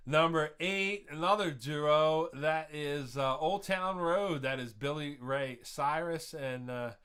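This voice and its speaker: A man's voice: on the high side, slow pace, fairly bright tone, smooth. A man hosting a live online trivia quiz, chatty and laughing at his own jokes, drifting into rambling rants between answers.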